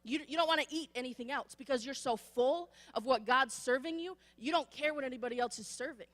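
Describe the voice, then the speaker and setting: A woman's voice: sits high, a little fast, a bit bright. A woman preaching a sermon in a conversational way, acting out people's excuses as she talks. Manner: conversational, acts out quoted excuses. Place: church sanctuary. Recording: long church hall reverb.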